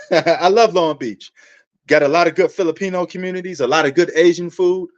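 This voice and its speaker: A man's voice: fairly high pitch, normal speed, muffled recording. Laid-back man chatting on a livestream. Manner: rambling, laid-back, talks straight to viewers. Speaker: sports livestream host. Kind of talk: casual livestream chat.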